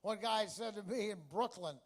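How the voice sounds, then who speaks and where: A man's voice: high voice, moderate pace. A man from Texas doing a stand-up comedy routine, brash and chatty, with crude punchlines.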